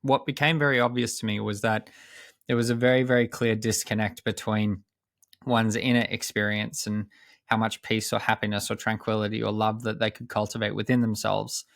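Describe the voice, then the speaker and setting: A young man with a fairly low voice recalls his past in a reflective, earnest way, pausing often and restarting his sentences as he speaks as a podcast guest. He speaks close to the microphone in a dry space with no echo. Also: fairly bright tone. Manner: measured and earnest, with frequent pauses and restarts. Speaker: high performance coach, podcast guest. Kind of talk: reflective personal storytelling.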